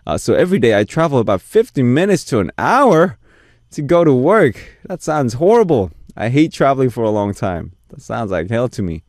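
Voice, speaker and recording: A man's voice: mid-range voice, big pitch swings, normal speed, darkish tone, dry recording, clean studio sound. A man hosting a radio music show, reading listener messages aloud and answering them with playful, teasing asides. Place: radio studio. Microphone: studio mic.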